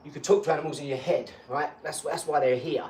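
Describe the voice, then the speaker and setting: A man's voice: a little high, fast. Boastful rambling man, roomy sound. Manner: boastful, rambling, animated rants. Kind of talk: casual live chat. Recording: echoey room, far from mic, faint hum.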